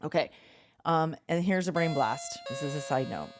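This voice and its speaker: A woman's voice: deep voice, normal speed. A woman co-hosting a podcast, chatting casually and telling stories, acting out quotes and swearing freely. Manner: animated storyteller, swears freely, acts out quotes. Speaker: podcast co-host.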